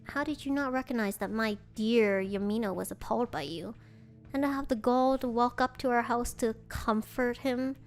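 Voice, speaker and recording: A woman's voice: on the high side, moderate pace, faint music behind, close to an everyday voice. A woman voicing a cold, haughty male spirit who speaks with mocking contempt, in a fan-made dating game. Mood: contemptuous.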